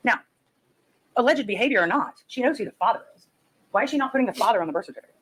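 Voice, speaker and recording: A female prosecutor delivers a closing argument at a quick clip. Her voice is slightly husky, and she lays out the case point by point in a forceful, persuasive way. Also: a little high, animated, rough recording.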